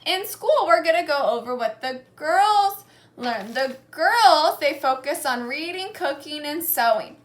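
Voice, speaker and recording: A woman teaching a lesson, saying words slowly and clearly and having the class repeat them after her. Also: sits high, animated. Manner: slow, clear, repeating key words for learners to echo. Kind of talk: call-and-response classroom lesson.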